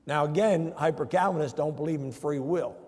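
A man's voice: on the high side, brisk, a little mellow. A man, a pastor, preaching a sermon emphatically and putting rhetorical questions to his congregation in a church. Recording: long church reverb.

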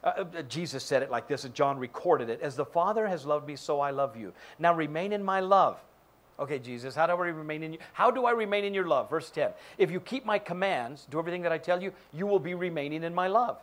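A man's voice: a little high, fast talker. A male pastor giving a sermon in church, joking and acting out quoted voices. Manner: animated, jokey, acts out quoted voices. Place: church sanctuary.

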